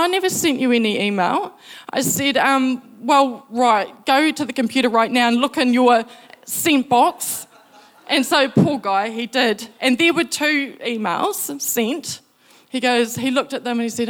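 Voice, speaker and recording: A woman's voice: a little high, a bit bright. A woman telling a personal faith testimony, acting out the voices she quotes. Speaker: speaker sharing faith story.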